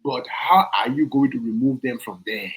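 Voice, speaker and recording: A man's voice: medium pitch, moderate pace, low-quality recording. A man with a Liberian accent hosting a podcast, giving opinionated political commentary with emphatic repetition and rhetorical questions. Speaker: podcast host.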